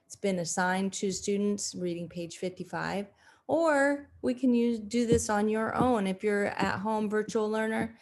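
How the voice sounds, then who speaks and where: Woman teacher talking slow over lesson slides, lots of uhs and restarts, plain mid voice. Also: medium pitch, darkish tone. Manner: slow, deliberate, with frequent fillers and self-corrections. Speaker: second grade teacher. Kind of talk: recorded video lesson.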